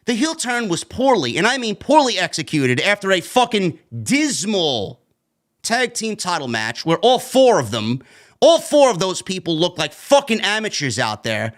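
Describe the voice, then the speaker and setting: A man's voice: sits high, sing-song, moderate pace. A man reviewing a wrestling show in a profane, combative rant with a New York accent, full of sarcastic asides. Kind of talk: ranting solo review.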